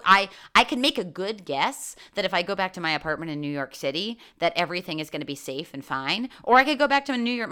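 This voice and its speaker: Candid, swearing woman with a bright voice. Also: mid-range voice. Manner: candid, swears freely, animated. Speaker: vlogger. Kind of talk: candid road-trip reflection.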